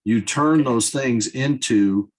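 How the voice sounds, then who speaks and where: Husky man in his fifties, earnest. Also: mid-range voice, takes it slowly, poor audio. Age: 50s. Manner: earnest, emphatic, repeats words for stress. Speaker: podcast guest. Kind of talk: candid conversational talk.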